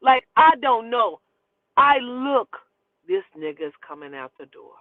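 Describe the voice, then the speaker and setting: A woman telling a personal story in casual, animated, profane speech and acting out the dialogue. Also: fairly high pitch, measured pace, dry recording. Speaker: storyteller host. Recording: dry, phone-like thin sound.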